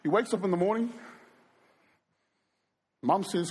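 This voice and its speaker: A male preacher telling stories during a sermon, animated and speaking straight to the crowd. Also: high voice, a little slow, slightly rough. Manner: animated storyteller who acts out quoted voices and addresses the crowd. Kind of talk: storytelling sermon.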